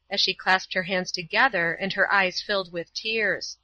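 A woman narrating a storybook in a steady, clear reading voice. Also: mid-range voice, normal speed, hardly any pauses, dry recording. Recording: dull, dry lo-fi recording.

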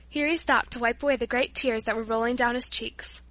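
A woman narrates an audiobook chapter in a measured, storytelling way. Her voice is fairly high and bright, and it is recorded close and dry, with no room around it. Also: fairly even intonation, no echo.

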